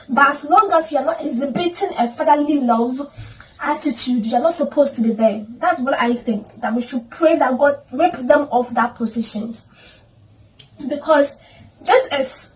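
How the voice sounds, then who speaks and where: A woman telling a personal story in a vlog, earnest and emotional, with prayerful asides. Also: sits high. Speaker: storytime vlogger. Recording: voice at a distance from the mic with faint ambience.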